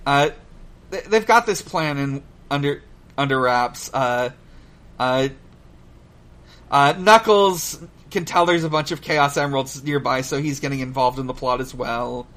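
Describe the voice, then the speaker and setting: A man co-hosting a podcast in casual chat, halting with many fillers and restarts, swearing and laughing easily. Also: medium pitch, a bit bright. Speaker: podcast co-host. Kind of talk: casual chat recapping a cartoon.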